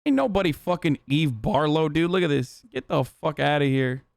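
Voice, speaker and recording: A young man doing live stream commentary, blunt and profane, talking fast, on a close streaming microphone. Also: fairly high pitch, creaky, no echo.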